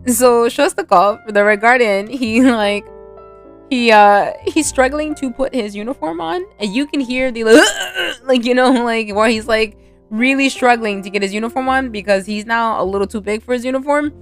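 A woman's voice: fairly high pitch, normal speed, clear, resonant tone, faint music behind. A woman casually recapping a film, rambling with many fillers and frequent laughter. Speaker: movie recap vlogger.

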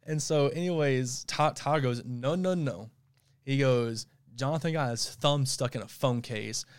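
A man co-hosting a podcast, telling a story in casual chat, animated, laughing often and stumbling over repeated words. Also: mid-range voice, a little slow, clean tone. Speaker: podcast co-host.

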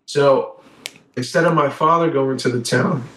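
A man's voice: medium pitch, unhurried, fairly bright tone. A young man in casual chat, rambling through stories in a slangy way, calling people bro and dude. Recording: echoey room.

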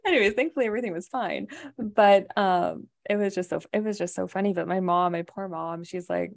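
A woman's voice: medium pitch, fairly quick, vocal fry. A woman from Canada chatting on a podcast, telling a story in a rambling way, full of "like" and "right?". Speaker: podcast co-host. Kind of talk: casual chat.

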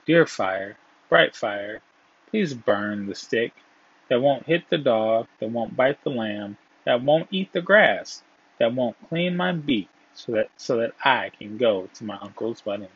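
Begging little rooster done by a husky guy, soft and repetitive. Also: medium pitch, animated, measured pace, no room sound, full character voice. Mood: pleading. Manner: pleading, repetitive. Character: anxious pleading little rooster. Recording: dull, dry, lo-fi.

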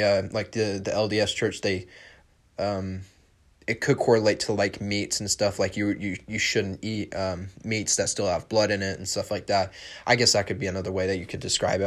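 A male podcast host speaking in a somewhat low voice, talking casually on his own. He is blunt and emphatic and swears without a second thought. He pauses now and then to read passages aloud. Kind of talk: casual solo podcast monologue.

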